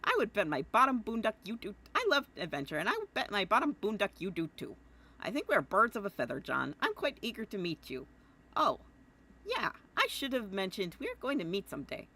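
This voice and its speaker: A woman's voice: mid-range voice, wildly swooping pitch, brisk, pushed and bright, pitched above the performer's own voice, heavily acted. A woman voicing a cheery, adventurous teenage boy who uses old-timey slang, reading his letter aloud in a hearty, folksy way. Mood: jolly.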